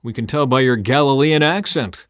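A man's voice: medium pitch, normal speed, fairly bright tone, dry recording, studio quality, voice pushed up, lightly acted. A man voicing insistent bystanders who accuse someone in raised voices, in a scripture reading. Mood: accusing.

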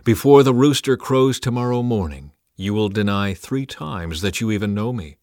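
A man playing a calm, solemn male teacher who speaks slowly and deliberately. The pitch still moves expressively, and the recording is dry. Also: no echo. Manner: slow, measured, solemn.

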